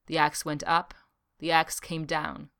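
Low, smooth-voiced woman narrating a novel. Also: monotone, a little slow, a bit bright. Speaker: audiobook narrator. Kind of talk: scripted narration.

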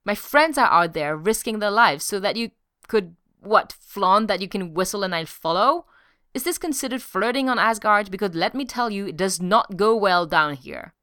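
A woman's voice: mid-range voice, expressive, normal speed, sharp tone, clean tone, no echo, clean studio sound. A woman voicing a brash, sarcastic man in armor, in an audiobook reading. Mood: indignant.

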